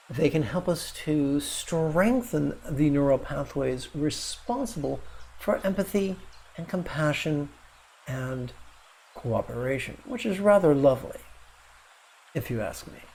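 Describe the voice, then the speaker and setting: Slow, gravelly male meditation teacher. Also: a little high, animated, darkish tone, a little hiss or hum. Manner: slow and wry, with playful asides. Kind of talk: video lesson.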